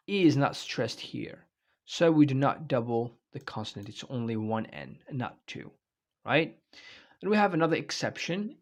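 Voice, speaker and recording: A man giving an online English grammar lecture, explaining step by step and checking in often with "okay?" and "right?". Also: medium pitch. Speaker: English teacher.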